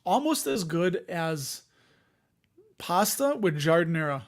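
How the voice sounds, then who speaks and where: A man's voice: sits high, animated, a little slow. A man in his forties with a Chicago accent, casually chatting and rambling as host of a live investing stream, joking and answering viewers. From Chicago area, Illinois. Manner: rambling, jokey, laughs often, reads chat aloud.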